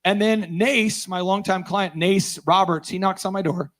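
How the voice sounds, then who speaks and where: At a conference, a man with a high-pitched voice tells a story at normal speed. He's animated and acts out the dialogue he quotes.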